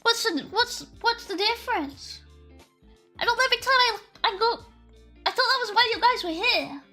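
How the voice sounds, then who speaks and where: A woman's voice: very high voice, expressive, normal speed, bright, forceful tone. A woman streamer chatting casually with her audience on a live stream. She giggles often, is sarcastic and swears freely. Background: faint lo-fi music.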